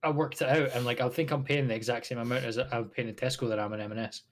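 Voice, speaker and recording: A man's voice: medium pitch, fairly even intonation, fast. A Scottish man co-hosting a podcast, chatting casually, laughing along and swearing now and then. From Scotland. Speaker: podcast co-host. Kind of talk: casual chat.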